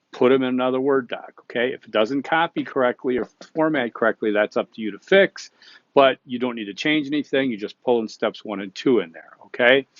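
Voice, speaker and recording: A man's voice: medium pitch, no echo, highs cut off. A man giving recorded class instructions in a conversational way, often checking in with "okay?" and restarting sentences. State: hiccups.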